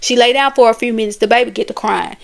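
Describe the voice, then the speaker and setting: A woman retelling a book's plot in a casual, conversational way, animated, with chatty asides. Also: on the high side, fast, vocal fry. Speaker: book and movie reviewer. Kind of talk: casual storytelling recap.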